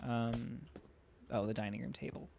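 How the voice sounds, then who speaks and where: Male let's-play host, gravelly, chatty, talks to himself, faint hiss. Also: medium pitch, fairly even intonation, normal speed. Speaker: gaming YouTuber.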